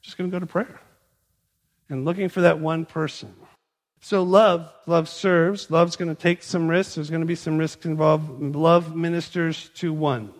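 Male pastor, fairly high voice, chatty animated storytelling, long hall reverb. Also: measured pace. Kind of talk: sermon.

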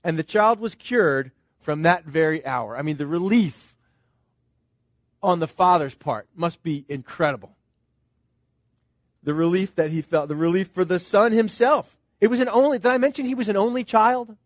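A middle-aged pastor with a notably high voice delivers his sermon in an earnest, conversational way. He keeps turning to the congregation with rhetorical questions. The recording is dry, with no room echo. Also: normal speed.

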